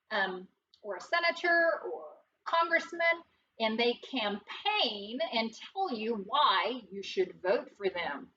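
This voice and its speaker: A woman teaching a recorded phonics lesson to first graders, slow and patient, with playful sing-song emphasis. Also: on the high side, pushed and bright, recorded from a distance, highs cut off, a little hiss or hum.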